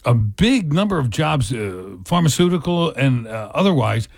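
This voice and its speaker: A man's voice: medium pitch, big pitch swings, moderate pace, vocal fry, no room sound. A male radio talk show co-host, giving opinions with many restarts.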